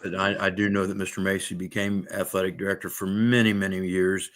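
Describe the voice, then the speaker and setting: Older ex-coach; low-pitched, soft-spoken reminiscer. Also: male voice, flat delivery, a little fast.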